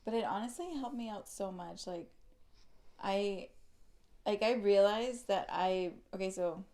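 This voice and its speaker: A young woman co-hosting a laid-back podcast, her voice gravelly with fry and dark in tone. She rambles as she talks, filling her sentences with "like" and "you know.". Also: medium pitch, measured pace. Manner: rambling, many "like" fillers. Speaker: podcast co-host. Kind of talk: casual chat.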